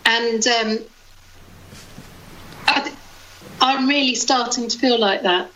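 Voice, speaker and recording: A woman's voice: fairly high pitch, slow, pushed and bright, highs cut off, slight background noise. A woman co-hosting a local podcast, chatting casually, telling anecdotes and laughing easily. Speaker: podcast co-host. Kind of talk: casual chat.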